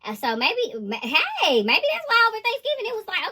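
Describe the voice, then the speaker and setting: A woman giving a casual, animated tarot reading to camera, often giggling and laughing. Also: very high voice, moderate pace, a crowd in the background. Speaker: tarot reader.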